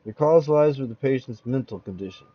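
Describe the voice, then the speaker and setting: A formal male doctor voiced by a man delivers his words in a measured, clinical tone. His pitch is ordinary, and the audio is muffled and lo-fi. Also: natural voice.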